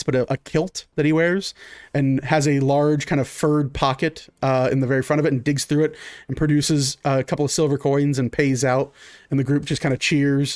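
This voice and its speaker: A man's voice: a little high, fairly even intonation, moderate pace, darkish tone, dry recording, studio quality. A man narrating a tabletop game as game master, describing scenes in a rambling way with many fillers.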